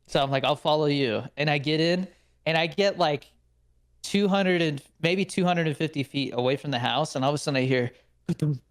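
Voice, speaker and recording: A man's voice: on the high side, fairly quick, smooth. A young man co-hosting a podcast, telling stories in a casual chat, laughing often, swearing and acting out quotes. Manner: animated storyteller, laughs a lot, swears, acts out quotes. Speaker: podcast co-host.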